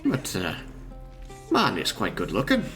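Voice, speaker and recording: A man's voice: on the low side, wildly swooping pitch, a little slow, vocal fry, a bit bright. A man chatting casually during a game session, playful and laughing. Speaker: podcast player. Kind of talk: casual gaming chat. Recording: music playing behind.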